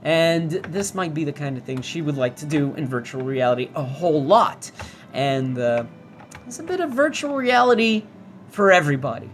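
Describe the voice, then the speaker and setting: A man's voice: on the high side, expressive, normal speed, slight background noise. A man giving casual first-impressions commentary as a gamer on a VR demo, rambling, restarting and swearing.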